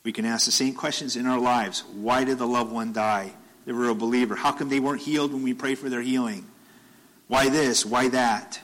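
A man's voice: medium pitch, fairly even intonation, normal speed, fairly bright tone, poor audio. Man preaching an emphatic, conversational sermon. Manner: conversational, rises to emphatic bursts, repeats phrases.

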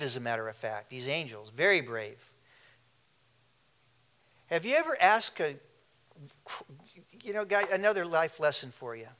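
A man's voice: fairly high pitch, sharp tone. A man preaching a sermon in a conversational way, with asides and questions to the congregation. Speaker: pastor.

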